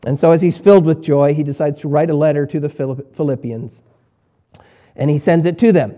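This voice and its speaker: A man preaching a sermon as pastor, emphatic, repeating key words and swinging between quiet and loud. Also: on the high side, brisk.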